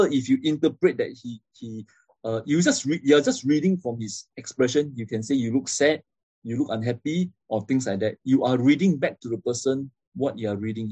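A man's voice: medium pitch, dark tone, slightly rough, no echo. A man giving a classroom lecture, explaining step by step and often checking in with "okay?" and "right?".

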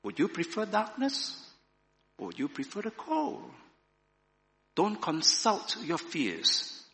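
A man reading the lines of a calm male stranger in a story, slow, low and gentle. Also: big-room sound, full character voice. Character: calm male stranger who builds a fire.

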